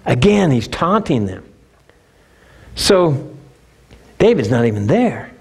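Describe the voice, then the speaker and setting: A male pastor preaching a sermon, telling a story with animated, emphatic repeats. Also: medium pitch, slow pace, vocal fry, husky.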